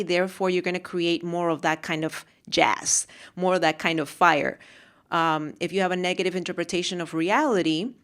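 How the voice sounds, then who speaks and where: A woman hosting a solo motivational podcast, talking with passion and often repeating phrases for emphasis. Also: lowish voice. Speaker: podcast host and mentor.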